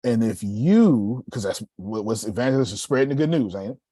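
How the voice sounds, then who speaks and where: A middle-aged man coaching a sales class, animated and preachy, tossing questions to the room. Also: mid-range voice, fairly quick, slightly rough, no room sound. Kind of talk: live coaching session.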